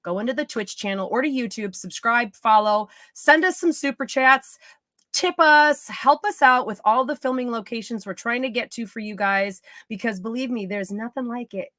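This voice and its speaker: A woman's voice: on the high side, moderate pace, sharp tone, dry recording, studio quality. A middle-aged woman giving psychic readings on a live stream, chatty and playful, often drifting off topic. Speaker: psychic medium.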